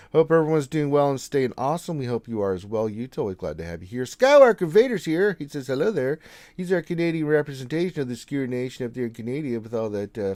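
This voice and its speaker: A man hosting a casual gaming livestream, reading out viewer greetings and answering them in a relaxed, chatty way. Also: medium pitch, dry recording, clean studio sound. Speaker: game streamer host.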